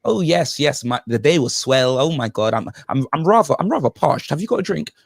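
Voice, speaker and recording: A man's voice: a little high, expressive, a little fast, vocal fry, slightly rough, no room sound, studio quality, voice pushed down, exaggerated voice. A man mimicking a prim, overly polite posh man with an affected, genteel way of talking. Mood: prissy.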